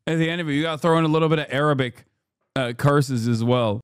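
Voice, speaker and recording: A man in his thirties casually commenting on a live stream, talking loosely with restarts and reading headlines aloud quickly. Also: fairly high pitch, smooth. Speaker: streamer reacting to news.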